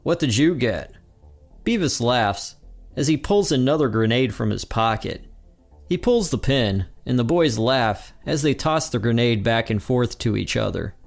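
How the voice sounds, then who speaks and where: Lively male podcast host. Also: mid-range voice, creaky. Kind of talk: recapping a cartoon episode.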